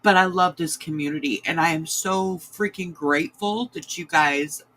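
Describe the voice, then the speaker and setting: A woman, a crochet host chatting to her livestream viewers in a sentimental, halting way. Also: sits low, a bit bright, poor audio. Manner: sentimental, halting, many restarts. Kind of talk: casual livestream chat to viewers.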